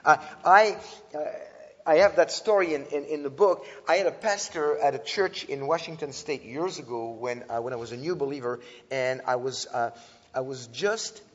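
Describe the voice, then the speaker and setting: A man giving an earnest, animated talk to an audience, often restarting his sentences and filling pauses. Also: mid-range voice. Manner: earnest, with frequent restarts and filler sounds. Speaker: speaker teaching about antisemitism. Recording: dull lo-fi sound with long hall reverb.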